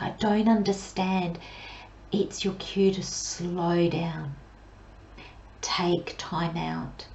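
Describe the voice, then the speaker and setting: Slow, gentle woman reading tarot. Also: on the low side, reverberant, dull audio. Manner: slow, gentle, soothing delivery with drawn-out pauses; drops into soft near-whispers. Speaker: tarot reader. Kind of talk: pick-a-card tarot reading.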